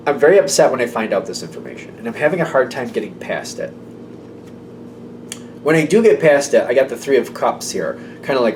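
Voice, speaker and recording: A man's voice: medium pitch, big pitch swings, fairly quick, a little mellow, far from the mic, slight background noise. A man giving a casual tarot reading to camera. He talks in a loose, intuitive way, full of "like" and "um". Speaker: tarot reader.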